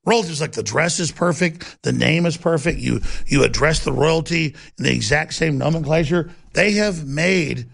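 Gravelly, emphatic talk-show host man. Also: normal speed, few pauses, a bit bright. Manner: rambling and emphatic, big swings in pitch. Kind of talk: heated talk-show monologue.

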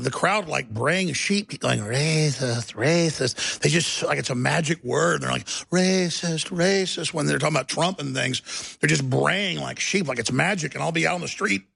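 A middle-aged man with a heavily gravelly, husky voice hosts heated political talk radio. His tone is bright and forceful, a little higher than most men, and he mocks opponents with shrieking impressions. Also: dry recording. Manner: mocking, breaks into shrieking impressions.

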